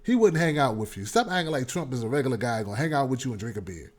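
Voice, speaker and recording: A male talk show host giving casual political commentary, animated and repetitive, often laughing. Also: mid-range voice, racing.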